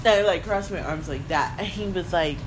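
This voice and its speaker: A woman telling a story in casual chat, animated, laughing and mimicking others. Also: on the low side, brisk, background noise.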